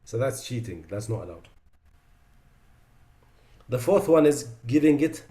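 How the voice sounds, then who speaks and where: A man leads a recitation class and walks through common pronunciation mistakes one by one. His voice sits at a middle pitch, and he switches between reciting examples clearly and quietly correcting them. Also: animated, measured pace. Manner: demonstrates sounds by reciting them, then drops his voice to correct them. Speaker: Quran recitation teacher. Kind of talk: tajweed lesson.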